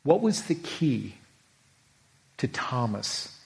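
A man's voice: medium pitch, very animated, very slow, creaky, a little mellow. A middle-aged man preaching an earnest sermon, often acting out the voices he quotes. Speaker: pastor.

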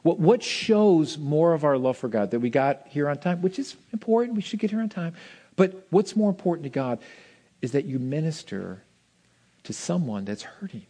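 Male pastor delivering a lively sermon, higher-pitched voice, punchy emphasis and hushed asides. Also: normal speed. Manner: animated, swinging between loud emphasis and soft asides.

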